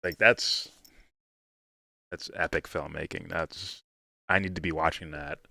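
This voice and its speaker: Deep-voiced, profane stream host. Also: male voice, steady tone, a little slow, vocal fry, bright, forceful tone, no echo, clean studio sound. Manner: loose, profane and laughing often. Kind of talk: casual live reaction commentary.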